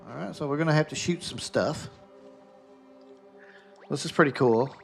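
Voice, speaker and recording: A man's voice: on the high side, moderate pace, gravelly, faint music behind. A man casually commenting on a game during a live stream and chatting with his viewers by name.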